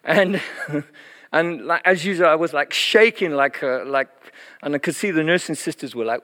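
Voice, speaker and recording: A man's voice: on the high side, moderate pace. Man preaching in a reverberant hall. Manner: animated, chatty, laughs often, many fillers. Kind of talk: sermon testimony storytelling. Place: church hall. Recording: long reverb in a church hall.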